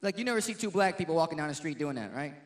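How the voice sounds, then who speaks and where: Brash, high-voiced stand-up comic. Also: male voice, expressive, very fast. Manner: brash, punchy, crowd-teasing. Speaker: stand-up comedian. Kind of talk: stand-up comedy routine.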